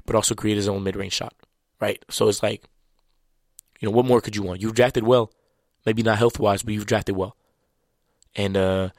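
Chatty low-voiced man, native French. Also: no room sound, studio quality. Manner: loose and chatty, with slang and restarts. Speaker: basketball commentator. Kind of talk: casual sports talk.

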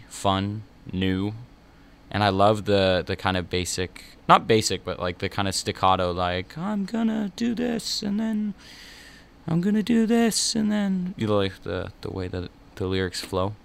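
A man's voice: on the low side, a bit bright, smooth. A young man hosting a college radio show, chatting in a rambling, self-mocking way between songs. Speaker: radio host. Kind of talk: casual radio talk.

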